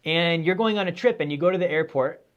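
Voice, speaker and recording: Upbeat higher-voiced man teaching finance. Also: quick pace, dull audio. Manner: energetic, conversational, keeps asking "right?". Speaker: finance educator. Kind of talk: live-streamed lecture.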